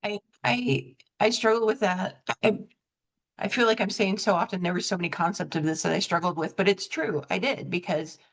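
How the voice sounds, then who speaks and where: A woman's voice: medium pitch, normal speed. Reflective woman podcast host. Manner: reflective, self-correcting, acts out dialogue in stories. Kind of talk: conversational interview.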